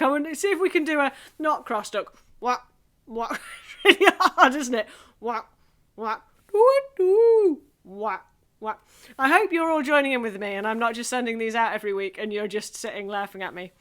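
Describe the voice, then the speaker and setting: A Scottish woman leading an online singing group through vocal and face warm-ups, cheerful and chatty, laughing at herself. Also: a little high, quick pace.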